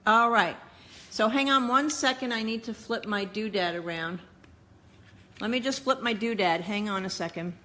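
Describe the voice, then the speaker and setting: A woman's voice: medium pitch, normal speed, bright, forceful tone. Flustered woman fixing her live stream. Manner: flustered, muttering to herself while fixing camera. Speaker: cooking show host. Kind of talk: live stream, talking to viewers. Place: home kitchen, indoors. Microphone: phone or tablet camera mic.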